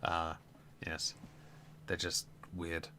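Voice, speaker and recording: Guy on a stream mic going off about politics, lots of ums, bright edgy voice. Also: low-pitched, monotone, drawn-out words, slight background noise. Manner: rambling, many ums, blunt and sweary. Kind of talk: casual political commentary.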